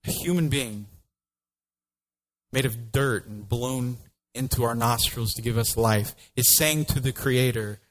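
Male pastor, sermon delivery, lively and humorous, plays the characters. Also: mid-range voice, unhurried, rough recording. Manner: lively, joking, acts out voices of biblical figures.

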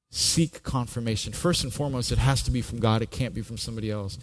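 Speaking fast in a mid-range voice, a middle-aged pastor tells his personal testimony during a sermon. He comes across as earnest, often repeating a word as he starts a thought.

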